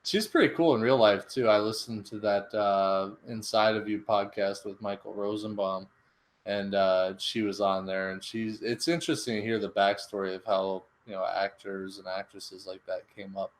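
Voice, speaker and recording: A man co-hosting a podcast in relaxed, casual chat, speaking in a fairly low voice. He is laid-back and a little hesitant, filling gaps with fillers and letting his sentences trail off. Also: normal speed. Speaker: podcast co-host.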